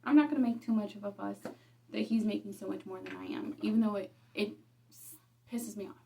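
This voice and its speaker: A woman's voice: mid-range voice, fairly quick, creaky, mellow, recorded from a distance. Blunt, ranting young woman. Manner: frank, swears freely, keeps saying "okay?"; ranting and exasperated. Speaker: vlogger. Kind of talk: get-ready-with-me chat.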